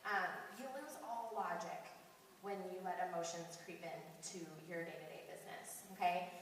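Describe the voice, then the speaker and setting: A woman in her thirties giving a chatty, animated motivational training talk, telling stories and laughing as she goes. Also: fairly low pitch, normal speed, a little hiss or hum. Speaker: sales trainer. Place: large hall. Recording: echoey hall recorded from far off.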